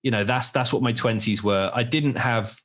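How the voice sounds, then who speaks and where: A man's voice: medium pitch, moderate pace, a bit bright. A man in his forties hosting a podcast, telling candid, rambling stories in casual chat with some swearing. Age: 40s. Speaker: podcast host.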